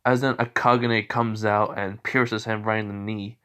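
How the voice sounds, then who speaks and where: A man's voice: fairly low pitch, flat delivery, moderate pace, pushed and bright, clear, resonant tone. A man narrating an improvised fan story in a rambling way, full of fillers and self-corrections.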